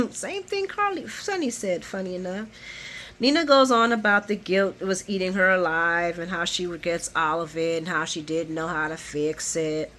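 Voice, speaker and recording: A woman host doing a casual, animated recap vlog of a soap opera. She curses freely, laughs often, and acts out the characters' lines as she retells scenes. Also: fairly low pitch, normal speed.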